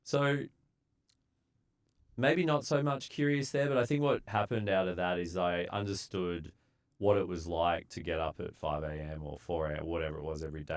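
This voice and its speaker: A man, a civil engineer telling laid-back stories from his site days as a podcast guest, acting out what people said. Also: low voice. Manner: laid-back, relaxed storyteller who acts out quotes. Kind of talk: casual storytelling.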